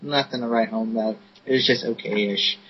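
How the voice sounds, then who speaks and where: A man's voice: on the low side, fairly even intonation, normal speed, husky. A man co-hosting a casual podcast, recapping matches in a laid-back way with many fillers. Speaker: podcast co-host. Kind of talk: casual wrestling review chat. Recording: dull lo-fi podcast audio, faint hiss.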